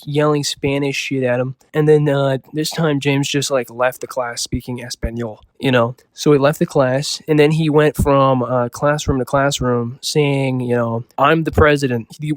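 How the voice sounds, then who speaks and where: A man's voice: medium pitch, dry recording. Young male storyteller, mid-range voice, rambling and offhand, dry close recording. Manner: rambling, full of "like" and "you know" fillers, loose and offhand. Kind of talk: improvised casual storytelling.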